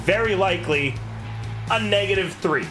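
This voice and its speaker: A man runs a tabletop game as game master, high-pitched and chatty, laughing as he explains the rules. A guitar plays clearly behind him. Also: animated, normal speed.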